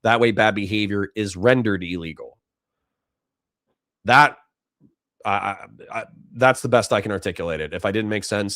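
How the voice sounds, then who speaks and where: A man hosting a livestream, reading viewer messages and ranting with heavy swearing, flipping between loud outbursts and muttered apologies. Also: fairly low pitch, moderate pace, pauses often, no echo, studio quality. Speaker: livestream host reading super chats. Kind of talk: heated livestream commentary.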